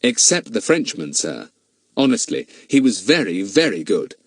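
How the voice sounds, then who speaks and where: A man's voice: on the low side, very animated, normal speed, no room sound. A man voicing a confident, polite schoolboy detective, speaking seriously, in an audiobook reading.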